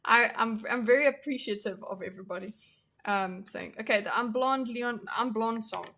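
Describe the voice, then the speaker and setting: A woman's voice: on the high side, moderate pace, gravelly, sharp tone, slight background noise. A young woman hosting a casual livestream, chatting with her viewers in a self-deprecating way and laughing often. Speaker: livestream host. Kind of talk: casual livestream chat reacting to chat.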